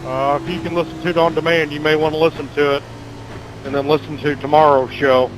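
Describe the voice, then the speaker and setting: A man's voice: a little high, flat delivery, fast, rough recording. A man co-hosting a live racing stream, chatting in a friendly, offhand way. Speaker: co-host. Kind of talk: casual chat on a live stream.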